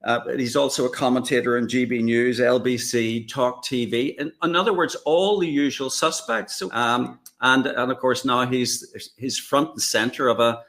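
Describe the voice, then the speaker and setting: A man co-hosting a political discussion, talking in a halting way with many fillers and restarts. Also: mid-range voice, steady tone, a bit bright. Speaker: co-host.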